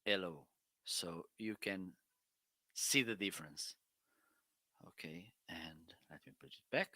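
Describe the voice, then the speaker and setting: A man's voice: low-pitched, animated, slow pace, pushed and bright, slight background noise. A man hosting a casual live-stream product demo, chatting and testing microphones aloud with counts and laughs. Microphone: swapping between studio microphones.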